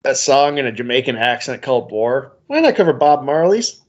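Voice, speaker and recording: A man's voice: medium pitch, sing-song, a little fast, dull audio. A man co-hosting a podcast in casual chat, dry and sarcastic, often laughing as he critiques an album. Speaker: podcast co-host.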